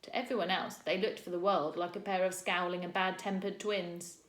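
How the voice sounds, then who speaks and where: A woman teacher reading a children's chapter book aloud, expressive and acting out the characters. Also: lowish voice, normal speed. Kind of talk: storybook read-aloud. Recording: echoey room.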